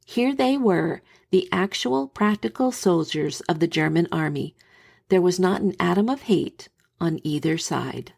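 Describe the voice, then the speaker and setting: A woman podcast host reading a scripted historical narration in a measured, dramatic storytelling manner. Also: lowish voice, vocal fry, a little mellow, husky.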